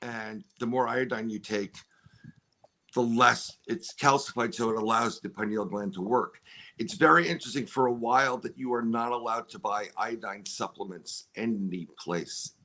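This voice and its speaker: A man's voice: medium pitch, moderate pace, pushed and bright. A man telling a long story on a podcast, rambling with many restarts and quoting other people as he goes. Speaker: podcast guest. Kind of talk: casual storytelling chat.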